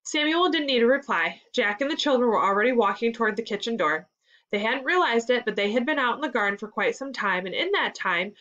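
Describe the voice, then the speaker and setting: A woman teacher reading a children's story aloud for a lesson in a clear, measured storytelling voice. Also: medium pitch, fairly bright tone. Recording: slightly dull lo-fi sound.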